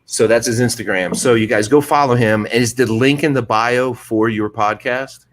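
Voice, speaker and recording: A man's voice: medium pitch, normal speed. A man hosting a podcast in casual chat, laid-back and profane, laughing often. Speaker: podcast host.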